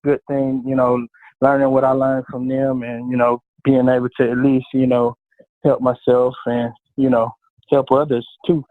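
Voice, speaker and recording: A man's voice: medium pitch, flat delivery, moderate pace, narrow, tinny audio. A man who is a guest, talking thoughtfully in a casual conversation. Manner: thoughtful, uses lots of fillers.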